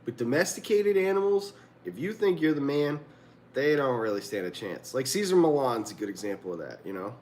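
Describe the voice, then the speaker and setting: Animated and fairly quick, his medium-pitched voice has a slightly mellow quality, with a little hiss or hum behind it. He's a man streaming live from a room at home, laughing a lot as he rambles and curses through casual conversation.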